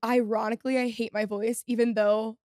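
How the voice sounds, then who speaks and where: A woman's voice: fairly high pitch, little pitch movement, a little fast, darkish tone, dry recording, clean studio sound. Valley girl-sounding woman host in her twenties. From Texas. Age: 20s. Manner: chatty, upspeak at phrase ends, laughs often. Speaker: podcast host. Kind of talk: casual chat. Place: podcast studio.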